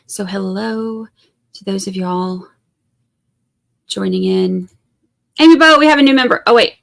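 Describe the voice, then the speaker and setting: A woman's voice: mid-range voice, animated, a little slow. A woman from Georgia, hosting a true crime live stream and chatting casually with viewers in a rambling way. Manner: chatty and rambling, full of fillers and asides.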